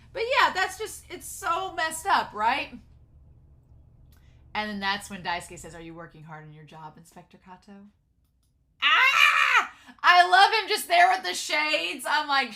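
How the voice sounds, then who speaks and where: A young woman giving a casual, excitable episode recap, dropping to a hush and then bursting out loud as she gushes. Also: mid-range voice. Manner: excitable, swings between hushed and loud, gushing. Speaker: anime episode reviewer.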